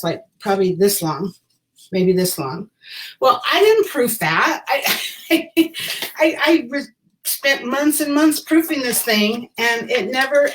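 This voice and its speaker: A woman's voice: on the high side, rough recording. A woman vlogger telling a personal story to camera in a casual, rambling way, repeating phrases for emphasis and chuckling at herself.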